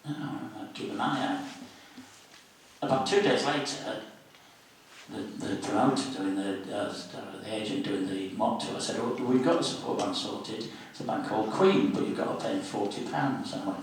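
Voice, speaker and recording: A man's voice: on the low side, normal speed. A man in his seventies spins anecdotes for a meeting audience, slipping into the voices of the people he quotes. His voice carries through a very echoey hall, picked up from a distance with a light hiss underneath. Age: 70s. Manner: lively raconteur, acts out quoted voices. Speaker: interview guest, former student union officer. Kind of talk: anecdotal storytelling at a public meeting.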